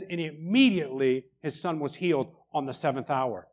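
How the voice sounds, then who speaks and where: A middle-aged man delivers a sermon with animated, emphatic preaching. His voice sits a little high for a man, and he keeps checking in with his listeners through short rhetorical asides. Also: moderate pace. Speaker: pastor.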